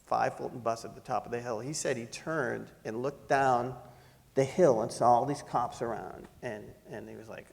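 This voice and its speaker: A middle-aged man telling a personal story to an audience, animated and laughing as he acts out the voices in it. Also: medium pitch, moderate pace, vocal fry, long reverb tail. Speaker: panel speaker. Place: lecture hall.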